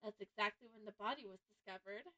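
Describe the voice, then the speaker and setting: A woman voicing a composed, formal male prosecutor in a video game, measured and deliberate. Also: mid-range voice, sharp tone, natural voice. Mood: thoughtful.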